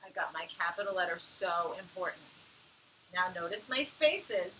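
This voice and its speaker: An encouraging woman teacher leads young children through a phonics lesson and sounds out each word slowly. Her voice is bright and clear. She is a little away from the mic, with faint room noise behind her. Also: on the low side, expressive, far from the mic, rough recording.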